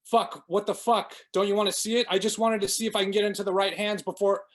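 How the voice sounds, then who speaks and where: A man's voice: a little high, a little fast, natural voice. A man reading aloud, voicing a slurring, scheming man who turns panicky when threatened. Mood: panicked. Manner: wheedling, then pleading.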